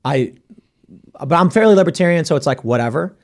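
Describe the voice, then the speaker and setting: A man hosting a podcast panel, arguing his points in a casual debate with quick bursts. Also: fairly high pitch, lively intonation. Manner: argumentative, rapid bursts. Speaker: podcast host.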